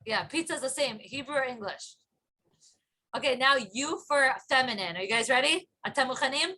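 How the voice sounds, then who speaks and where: A woman teaching a small online class over a video call. She talks in a bright, slightly high voice, repeating phrases patiently and laughing often. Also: lively intonation, brisk. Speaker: Hebrew teacher.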